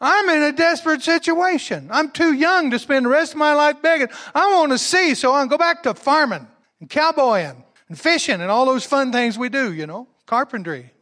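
A man voicing a desperate blind beggar, pleading in a loud, strained shout. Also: extremely high pitch, expressive, normal speed, pitched above the performer's own voice, exaggerated voice.

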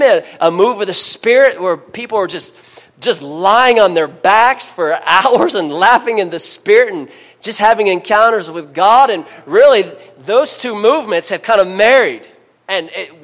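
Man, high voice, sermon, emphatic, call-and-response. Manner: emphatic preaching with call-and-response amens, swings between loud and hushed. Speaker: preacher.

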